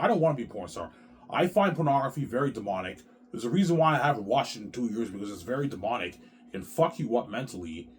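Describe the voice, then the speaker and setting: A man's voice: medium pitch, a little mellow, husky. A middle-aged man delivering a profane, repetitive ranting monologue to camera, tacking "man" onto the end of his phrases. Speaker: vlogger.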